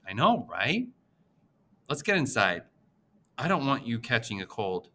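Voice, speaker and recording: A man voicing a gentle, worried middle-aged father who speaks softly and reassuringly. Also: mid-range voice, big pitch swings, measured pace. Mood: calm.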